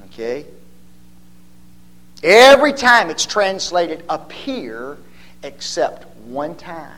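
A man's voice: fairly high pitch, very animated, takes it slowly, sharp tone. A man teaching a Bible study, quizzing his listeners with rhetorical questions and a constant "okay?", and stretching key words for emphasis.

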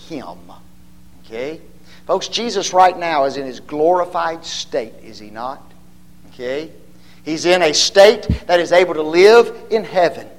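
A man's voice: fairly high pitch, expressive, measured pace. A man teaching a Bible study, quizzing his listeners with rhetorical questions and a constant "okay?", and stretching key words for emphasis.

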